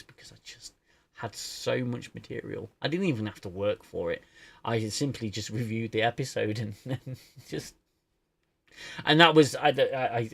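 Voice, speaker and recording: A man from the United Kingdom who reviews shows hosts a casual livestream chat about them, rambling, laughing and restarting his sentences. His medium-pitched voice has vocal fry.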